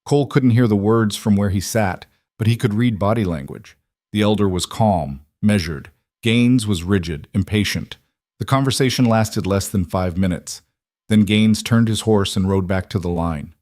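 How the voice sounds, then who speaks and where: A man narrating a western story in a steady, dramatic scripted style. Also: on the low side, normal speed, dry recording, clean studio sound.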